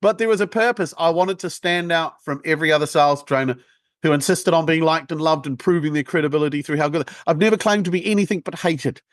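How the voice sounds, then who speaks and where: Man, high-pitched, blunt, provocative, dry close sound. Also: fast, dry recording. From United Kingdom. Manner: blunt, provocative, lively delivery. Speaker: guest, sales trainer. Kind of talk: casual interview storytelling.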